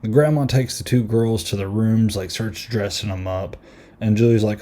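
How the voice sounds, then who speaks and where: This podcast host's voice is on the low side and darkish, with fairly even intonation and a moderate pace. He casually reviews a horror film, peppering his recap with "like" and "um" and repeating lines from it.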